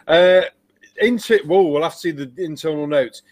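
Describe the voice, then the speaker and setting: A man's voice: a little high, moderate pace, darkish tone. A man hosting a casual group chat about videos, mocking and swearing freely. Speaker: show host.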